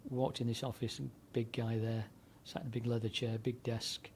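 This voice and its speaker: An older man, in his seventies and formerly a DJ and broadcaster, tells long, rambling stories at a moderate pace. His mid-range voice is darkish and level, and he often uses fillers and starts sentences over. The recording carries slight background noise.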